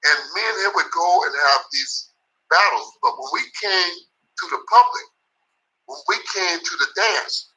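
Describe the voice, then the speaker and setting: Emphatic older man, bright forceful voice. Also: high voice, expressive, measured pace, rough recording. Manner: emphatic, profane, repetitive. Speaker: guest, boxing trainer. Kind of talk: storytelling interview.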